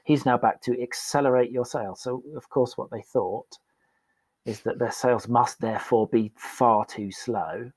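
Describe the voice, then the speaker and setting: A man's voice: medium pitch, fairly even intonation, normal speed, breathy edge, no echo. A man, a podcast guest speaking frankly and with self-deprecating humour about his past work. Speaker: podcast guest, performance coach. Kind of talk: candid storytelling in conversation.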